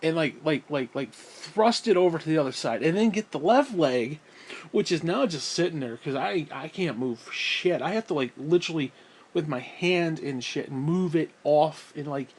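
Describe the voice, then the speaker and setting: A man's voice: fairly high pitch, expressive, normal speed, breathy edge. A man telling a rambling story at home in a casual vlog, swearing freely and sighing often. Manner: profane, rambling, frequent sighs. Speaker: vlogger. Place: at home, indoors.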